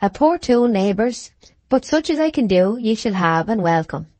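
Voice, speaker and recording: A woman's voice: medium pitch, sing-song, moderate pace, a little mellow, dry recording, voice pushed up, close to an everyday voice. A woman reading the part of a humble, kindly young shepherd in an audiobook, speaking heartily and soothingly. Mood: hearty.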